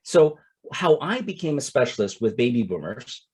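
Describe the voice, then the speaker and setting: Husky-voiced man in his forties. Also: medium pitch, big pitch swings, moderate pace, a little mellow. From Toronto, Canada. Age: 40s. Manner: conversational, often repeats "it's like" and "right?". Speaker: capital-raising coach. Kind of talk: casual instructional talk with anecdotes.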